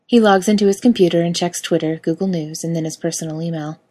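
A woman's voice: lowish voice, fast talker, warm tone. A woman narrating a story aloud in a wry, casual reading style. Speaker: reader.

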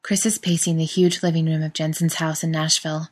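A woman reading a story aloud in a steady narrating voice. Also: deep voice, fairly quick, husky. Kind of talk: scripted narration.

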